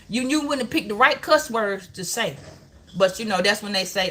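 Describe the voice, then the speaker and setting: Woman, tarot reader, bright voice, cussing, rambling, preachy. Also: fairly high pitch, a little fast. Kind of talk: live-stream tarot reading.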